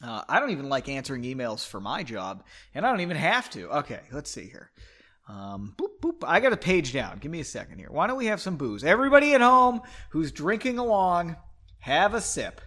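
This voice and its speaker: A man's voice: medium pitch, huge pitch swings, brisk, fairly bright tone. A man hosting a comedic book reading podcast, breaking off to drink and mock the text with sarcastic asides. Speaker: podcast host.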